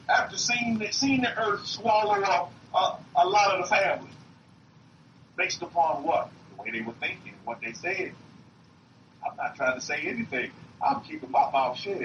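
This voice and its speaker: High-pitched guy preaching, dull lo-fi recording, faint hiss behind. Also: reverberant, far from the mic. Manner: emphatic, repeats himself, rises and drops in pitch. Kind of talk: sermon. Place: meeting room.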